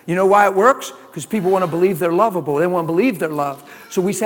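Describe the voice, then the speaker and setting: A man preaching a sermon, animated, with shouted exclamations and laughing asides. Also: high-pitched, quick pace, few pauses, big-room sound.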